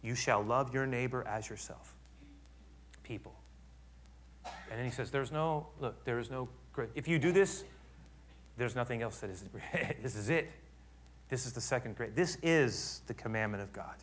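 A middle-aged man preaching with a voice of ordinary middle pitch. He explains quietly, then builds to loud, emphatic passages, and keeps the tone of a sermon throughout. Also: lively intonation, measured pace.

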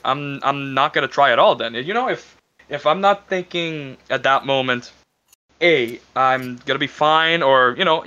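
A man's voice: on the high side, animated, moderate pace, pushed and bright. A man in casual chat, thoughtfully adding caveats to the conversation. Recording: muffled lo-fi sound.

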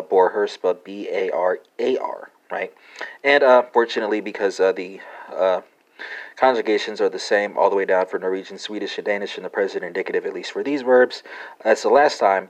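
Hosting a language lesson podcast, a man with a low-sitting voice speaks hesitantly, using lots of fillers and spelling words out letter by letter. The recording is rough.

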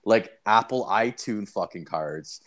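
A man's voice: lowish voice, slow pace. A young man telling a story in casual chat, rambling and swearing with lots of fillers.

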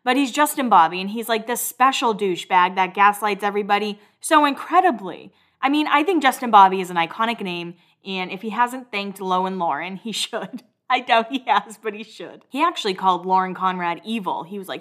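A woman's voice: medium pitch, fairly quick, fairly bright tone. A woman hosts a casual recap podcast, walking through reality show scenes. Her talk is chatty and gossipy. She drops in blunt asides and curses freely. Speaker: podcast host.

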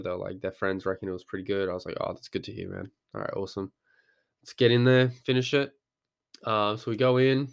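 A man's voice: lowish voice, clean tone. A young man, talking casually as a podcast host, rambling and swearing freely as he acts out his own thoughts. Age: young adult. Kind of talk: casual monologue.

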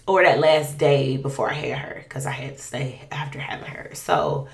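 Woman, personal testimony, chatty and animated, gravelly edge, echoey room. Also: extremely low pitch, moderate pace. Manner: conversational, animated, colloquial. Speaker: podcast guest sharing a testimony. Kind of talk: personal faith testimony storytelling.

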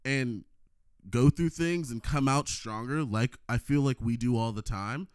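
A man in his twenties co-hosting a podcast, chatting casually and playfully with quick jokes. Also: medium pitch, a little mellow, clear, resonant tone, no echo, studio quality. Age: 20s. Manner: joking, playful quips. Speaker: podcast co-host. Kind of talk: casual chat.

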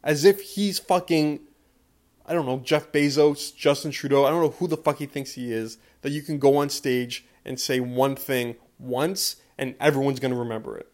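A man's voice: medium pitch, steady tone, normal speed, a little mellow. A man in his twenties hosting a podcast, ranting with emphatic, profane repetition. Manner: profane, repeating a refrain, emphatic. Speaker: podcast host. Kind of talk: fired-up podcast rant.

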